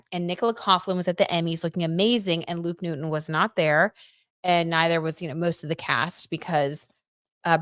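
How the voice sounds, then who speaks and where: A woman's voice: fairly low pitch, dry recording, studio quality. Chatty woman hosting a tarot livestream. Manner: chatty, reads viewer comments aloud with excited reactions. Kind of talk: casual livestream chat.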